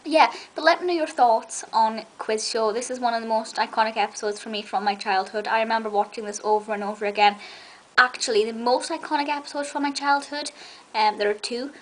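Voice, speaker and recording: A woman's voice: a little high, fairly bright tone, a little hiss or hum, poor audio. A woman reviewing a TV episode in a casual, chatty video, gushing like a fan.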